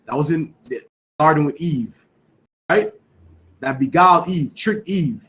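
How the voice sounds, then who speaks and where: A man with a somewhat high voice leads a scripture class. He teaches by call and response, repeating his questions and stressing each key word, with a steady "you know what I'm saying" running through his talk. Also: unhurried, rough recording. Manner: quizzing students with repeated questions, emphatic.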